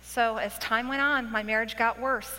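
A middle-aged woman giving a testimony sermon to women, telling her story with animated, acted-out quotes. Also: fairly high pitch, moderate pace. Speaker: speaker at a women's event. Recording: long hall reverb.

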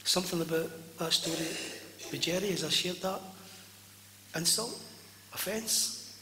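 A man preaching a sermon to a congregation, swinging from loud fervent cries to hushed near-whispers. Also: high voice, a little slow, long pauses, music in the background. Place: church hall. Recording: echoey hall with long reverb.

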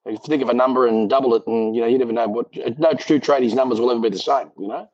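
A man, a podcast guest asking quick, chatty, loosely phrased questions. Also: mid-range voice, steady tone, a little mellow. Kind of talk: casual podcast chat. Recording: dull dry remote line.

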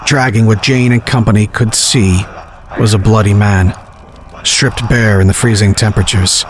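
A man narrating a horror story in a measured, grim storytelling manner. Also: fairly low pitch.

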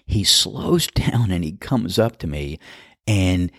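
A middle-aged man, a podcast host, telling a relaxed, chatty, amused story as a golf course starter. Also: sits low, slow pace, no echo, clean studio sound. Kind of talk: storytelling monologue.

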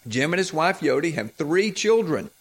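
A man's voice: a little high, very animated, moderate pace, slightly rough. A man hosting at a church, introducing the evening's guest speaker in a plain, matter-of-fact way. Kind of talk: formal introduction.

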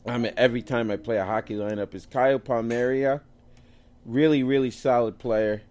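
Picking fantasy lineups on a casual sports show, this co-host jokes around and trips over difficult names. He speaks at a moderate pace in a slightly mellow, mid-range voice with fairly even intonation.

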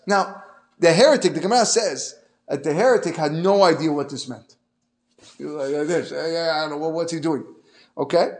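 A man with a notably high voice for a man teaches a Torah lesson as a story. He talks in a lively, informal way, drops Hebrew terms into plain speech and often restarts his phrases.

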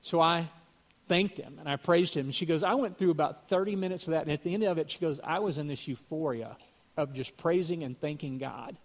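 A man's voice: fairly high pitch, fairly quick. A man earnestly telling a religious testimony story, acting out what other people said.

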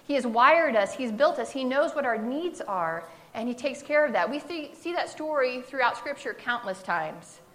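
A woman delivers a sermon in a relaxed, conversational manner. Her voice sits a little high, and she slips into playful acted-out voices for the quotes. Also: moderate pace, few pauses. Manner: conversational, animated, acts out quotes with humor. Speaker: preacher.

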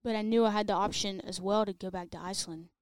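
Woman soccer player guesting on a podcast, smooth clear voice, easygoing, dry mic. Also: medium pitch, steady tone, fast, no room sound. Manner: easygoing, storytelling. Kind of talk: casual interview chat.

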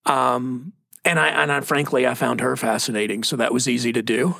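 A middle-aged man with a Texan accent and a gravelly, husky voice. He tells stories in a relaxed podcast chat and slips into the voices of the people he quotes. The sound is dry and close, with no room in it. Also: medium pitch, normal speed, no echo. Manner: storytelling, acts out quoted voices. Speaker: pastor. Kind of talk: casual podcast conversation.

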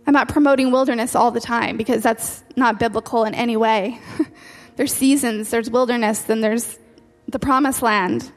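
A woman's voice: a little high, fairly even intonation, normal speed, few pauses. Woman preaching in a reverberant hall. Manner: earnest, repeats key phrases for emphasis. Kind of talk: sermon. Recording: long hall reverb with faint music.

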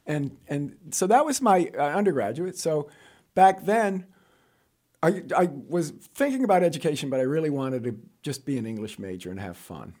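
A middle-aged man from New York telling stories of his career as an interview guest, jokey and animated, jumping up in pitch for punchlines. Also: normal speed. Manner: animated, jokey storyteller with sudden high-pitched asides. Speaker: guest, college administrator. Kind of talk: casual storytelling interview.

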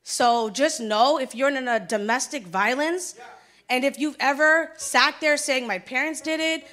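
A woman's voice: sits high, a little slow, a bit bright. A young woman giving a personal testimony in church, talking casually and acting out dialogue with emphatic turns. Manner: conversational, acts out dialogue, emphatic.

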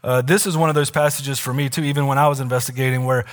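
A man's voice: medium pitch, fairly even intonation, fast talker. Casual conversational male pastor preaching. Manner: conversational preaching with fillers and asides. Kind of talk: sermon.

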